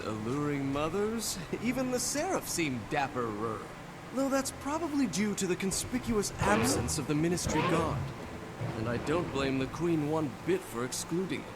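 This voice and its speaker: A man's voice: high voice, very animated, moderate pace, very noisy. An actor playing a vain, flirtatious nobleman with a pompous, florid way of talking.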